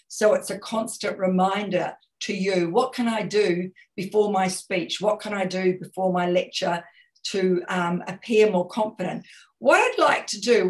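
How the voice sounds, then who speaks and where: A woman from New Zealand, a communication consultant, coaching an online audience on a video call with direct questions and lively energy. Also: medium pitch, low-quality recording. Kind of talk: webinar coaching talk.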